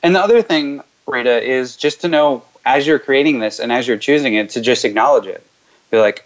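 Guy hosting a call-in coaching thing, rambles a lot, drops into low repetitive clearing chants, kinda muffled sound. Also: brisk. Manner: rambling and chatty, then drops low and steady for the repeated clearing loop. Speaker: host leading callers through clearing statements.

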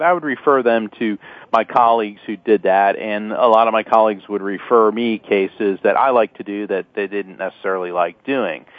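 A middle-aged man calls in to a radio interview and recounts his experiences earnestly, stumbling over fillers and restarts. His voice sits fairly low. The sound is thin and dry, squeezed through a narrow phone-line band. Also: no room sound. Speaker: guest, attorney and author.

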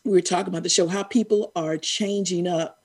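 A middle-aged woman, co-hosting a casual chat, animated and quick to laugh and tease. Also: lowish voice, husky. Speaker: co-host.

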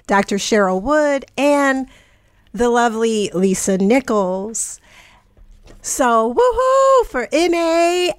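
A woman's voice: a little high, no room sound. Upbeat woman podcast host, dry studio sound. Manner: enthusiastic, effusive. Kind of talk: upbeat show introduction and casual chat.

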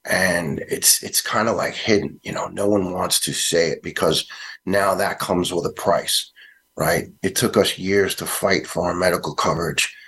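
Gravelly, husky middle-aged man with a New York accent. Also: deep voice, steady tone, fairly bright tone. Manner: halting, restarts often, earnest. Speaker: retired fire lieutenant, guest. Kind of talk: interview answer, personal account.

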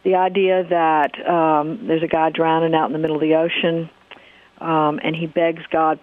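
A radio talk show host and counselor with a low, flat-pitched voice tells a story at a moderate pace, easy and hesitant with many fillers. The audio is narrow and phone-like.

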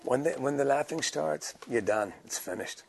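A man's voice: medium pitch, expressive, normal speed, vocal fry, slight background noise. A man, a guest actor, chiming in with dry, teasing asides.

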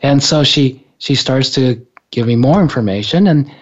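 A man's voice: medium pitch, normal speed, breathy edge. A man casually telling a personal story in a rambling, hesitant way, often stopping and restarting. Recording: dull lo-fi recording.

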